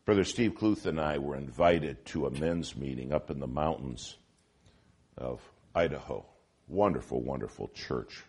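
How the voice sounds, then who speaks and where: A man preaching a sermon in an auditorium, telling stories with lively swings from hushed to loud. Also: a bass voice, measured pace, slightly rough. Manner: animated storytelling, shifting from hushed to loud.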